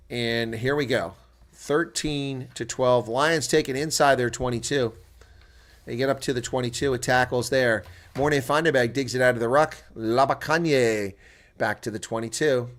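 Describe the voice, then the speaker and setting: A man doing solo live-stream rugby commentary with a mid-range voice. He mutters quietly to himself between passages of play. When the action heats up, he gets loud and excited and argues with the referee's calls. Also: medium pitch, normal speed. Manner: muttering to himself while checking results.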